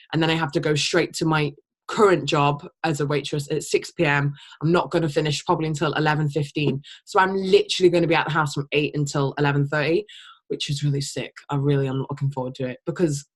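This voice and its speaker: Young woman, team leader on a call. Low voice, blunt, rambling, swears casually. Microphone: call microphone.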